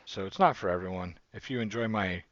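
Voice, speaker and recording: A man's voice: lowish voice, brisk, a bit bright, no room sound, muffled recording. A man from the United States, hosting a casual reaction video with rambling, jokey asides.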